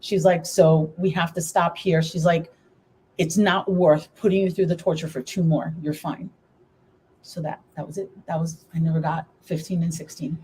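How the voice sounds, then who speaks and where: A woman's voice: on the low side, steady tone, moderate pace, a little mellow, slight background noise. Emotional woman recounting a hard ordeal. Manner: tearful, holding back emotion while telling her story. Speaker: guest. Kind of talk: emotional personal story in a live talk.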